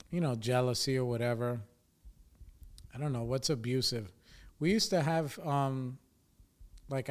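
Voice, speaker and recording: A middle-aged man of Puerto Rican background, hosting a podcast in a rambling, profane, self-deprecating casual monologue. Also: mid-range voice. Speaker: podcast host.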